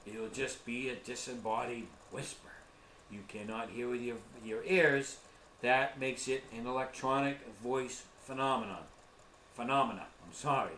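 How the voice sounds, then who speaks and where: A man's voice: medium pitch, fairly even intonation, normal speed, a bit bright, a little hiss or hum. Brief: male tour guide, casual and earnest, mid-range voice, roomy live-stream audio. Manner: earnest, chatty, addresses viewers as folks. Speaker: ghost hunting tour guide. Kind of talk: casual instructional talk.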